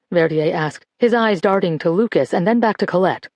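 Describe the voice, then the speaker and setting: An audiobook narrator reading a novel in a steady, even manner. The voice sits in a middle pitch with a gravelly texture. It is recorded close and dry, with no room sound. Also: brisk, hardly any pauses, dry recording. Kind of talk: scripted narration.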